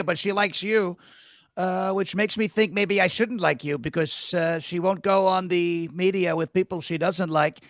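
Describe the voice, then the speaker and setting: A man's voice: a little high, no room sound, close to an everyday voice. A man doing a comic impression of a boastful older male politician in a mock debate, meandering and heavy on superlatives. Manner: meandering, self-praising, full of superlatives.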